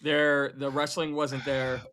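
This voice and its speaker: A man's voice: mid-range voice, flat delivery, slow, pushed and bright. A man co-hosting a live wrestling watchalong, giving blunt, exasperated critique from a studio. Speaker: co-host. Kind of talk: live watchalong reaction commentary.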